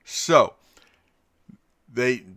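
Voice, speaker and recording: A man's voice: drawn-out words, fairly bright tone, dry recording, clean studio sound. A man, the game master, rambling through a story at the table and checking in with "okay?" a lot. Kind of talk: casual table chat.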